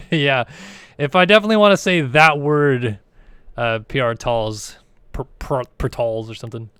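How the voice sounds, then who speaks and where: A man's voice: medium pitch, moderate pace, a bit bright, clean tone, no room sound. Laid-back man chatting over a game stream. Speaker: game racing commentator. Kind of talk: casual live-stream commentary.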